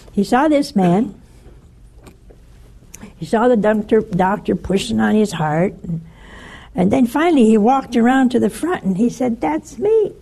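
A woman's voice: mid-range voice, creaky, slightly rough. An older woman giving a sermon-style talk, telling stories with animation and voicing the people in them. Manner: animated storyteller, voices the people in her stories. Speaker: religious speaker.

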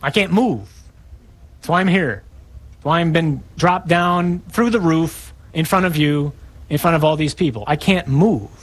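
A man delivers a sermon, his voice a little high and husky. He acts out the scripture lines with dramatic changes of tone, now quiet, now sharp. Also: a little slow. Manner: dramatic, acting out scripture quotes with shifting tone. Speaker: preacher.

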